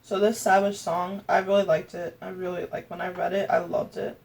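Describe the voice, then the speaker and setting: A woman's voice: lowish voice, little pitch movement, fairly quick, creaky, a little mellow, distant mic. A young woman ranking books in a casual vlog, chatty and gushing, with lots of fillers and restarts. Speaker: booktuber.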